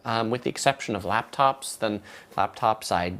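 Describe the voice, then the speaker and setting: A man from Southern California in his thirties, hosting a casual live stream and answering viewer questions in a relaxed, halting way with many fillers. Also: on the low side.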